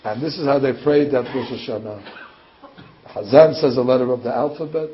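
A man's voice: medium pitch, fairly quick, slight background noise. A man preaching, telling a story animatedly, with restarts and sudden soaring emphasis. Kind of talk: sermon storytelling. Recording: dull lo-fi recording.

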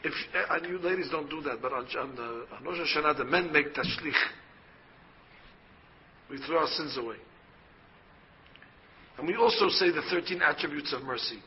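A man's voice: a little high, normal speed, long pauses, dull audio, slight background noise. A man, a rabbi, giving a Torah lecture and explaining by asking questions and answering them himself. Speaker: rabbi teaching a Torah class.

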